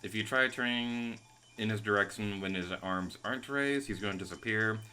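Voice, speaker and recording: A man giving excitable, casual commentary over his own gameplay as a let's play host. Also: lowish voice, moderate pace, clean tone. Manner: excitable, venting frustration at the game.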